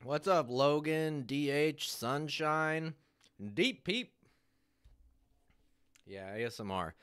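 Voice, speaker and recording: A man's voice: a little high, takes it slowly, a bit bright, clean tone. A man live-streaming a game, cheerfully greeting viewers in chat by name while fiddling with his setup.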